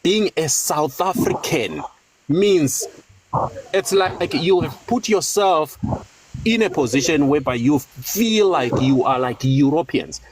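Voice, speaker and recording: A man's voice: fairly high pitch, expressive, slow pace. A man from Zimbabwe arguing in a heated debate, repeating words and talking over the others.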